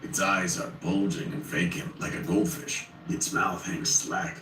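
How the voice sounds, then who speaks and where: Deep voiced guy telling a spooky story, wry and chatty, bright tone, echoey room from a distance. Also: steady tone, measured pace. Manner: wry, conversational. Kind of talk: first-person horror story narration. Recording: roomy, distant, faint noise.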